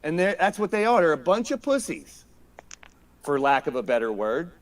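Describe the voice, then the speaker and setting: Fired-up, profane man with a high voice. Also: big pitch swings, moderate pace. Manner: profane, emphatic, repeats himself. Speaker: podcast guest. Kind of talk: fired-up podcast rant.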